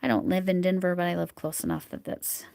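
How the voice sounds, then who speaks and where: A woman hosting a crochet livestream at home, chatting casually as she works and murmuring soft whispered asides to herself. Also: lowish voice, very animated, a little fast, vocal fry, no echo. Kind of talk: casual live chat while crocheting.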